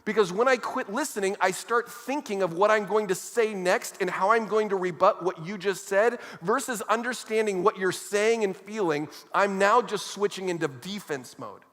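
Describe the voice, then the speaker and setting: Conversational preacher with a high voice in a reverberant hall. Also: male voice, normal speed, few pauses, fairly bright tone. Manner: conversational preaching with casual asides. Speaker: pastor. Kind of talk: sermon. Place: church auditorium.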